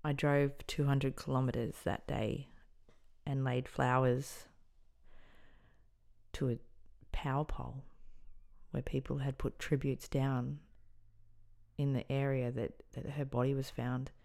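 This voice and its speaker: A young Australian woman tells her own story on a podcast, her voice edged with a gravelly fry. She speaks earnestly and often sinks into soft, almost whispered phrases. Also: rumbling low, flat delivery, slow, pauses often. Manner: earnest, emotional retelling, often trailing into quiet near-whispers. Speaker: podcast host.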